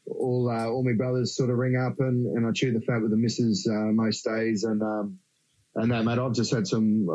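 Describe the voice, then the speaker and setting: A man's voice: medium pitch, warm tone. An Australian man as a podcast guest, rambling easygoing chat with frequent restarts. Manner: rambling, easygoing, laughs often. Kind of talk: casual interview chat. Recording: slightly dull lo-fi sound.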